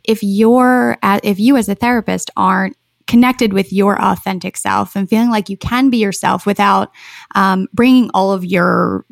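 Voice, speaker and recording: A woman therapist explains her views earnestly in a relaxed conversation, with the odd curse word. Her voice has a gravelly, fry-laden edge at a middle pitch. It is recorded close with a dry sound. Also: moderate pace, no room sound. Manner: earnest, explains thoughtfully with casual swearing. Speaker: therapist, podcast guest. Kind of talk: casual chat.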